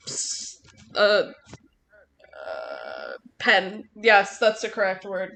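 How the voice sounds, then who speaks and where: A woman's voice: medium pitch, wildly swooping pitch, drawn-out words, vocal fry, pauses often, fairly bright tone. A woman streaming while she draws, chatting playfully and poking fun at herself. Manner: playful and self-mocking. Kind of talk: casual stream chat while drawing.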